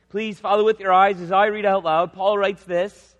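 A male pastor preaching a sermon in a church, reading scripture slowly and speaking with emphasis. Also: sits high, level tone, a bit bright, highs cut off. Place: large church sanctuary. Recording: reverberant hall.

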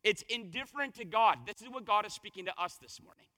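Hoarse pastor preaching in a reverberant hall. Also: male voice, high voice, fast talker, sharp tone. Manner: conversational, storytelling with rhetorical questions. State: slightly hoarse voice. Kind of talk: sermon.

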